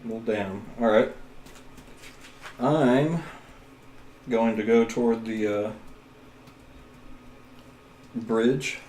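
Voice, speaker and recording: Slow-talking man player, echoey room. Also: mid-range voice, steady tone, darkish tone, a little hiss or hum.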